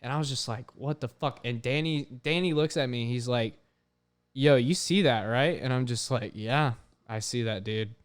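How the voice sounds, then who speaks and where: A young man tells a story with plenty of animation, dropping curse words and "like" at every turn. His voice has a smooth, clean tone at an everyday middle pitch. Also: moderate pace. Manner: animated, swears often, heavy use of "like". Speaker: podcast host. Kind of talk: casual storytelling.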